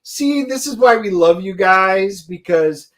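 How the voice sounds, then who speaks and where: A man's voice: high-pitched, expressive, slow, a bit bright. A man co-hosting a comic book show, casually and enthusiastically explaining things to viewers. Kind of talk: casual chat.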